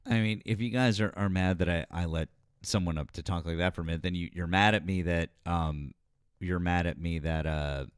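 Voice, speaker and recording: Low-voiced guy hosting a political stream, stammers a lot, dry mic. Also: steady tone, smooth, no echo. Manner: halting, many restarts and fillers. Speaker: political live-stream host. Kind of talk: casual live-stream talk with callers.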